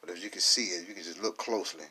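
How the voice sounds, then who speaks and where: A man teaching from scripture, speaking, who punches key words loudly and asks and answers his own questions. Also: sits low, racing, a little hiss or hum. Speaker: Bible teacher.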